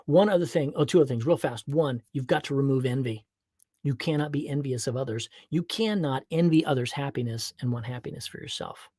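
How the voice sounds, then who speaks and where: An upbeat man hosts a motivational podcast with a slightly husky, breathy voice. He talks in an animated, playful way, sometimes breaking into whoops and cheers. The sound is dry and close to the mic. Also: medium pitch, no room sound. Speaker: podcast host. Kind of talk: motivational monologue.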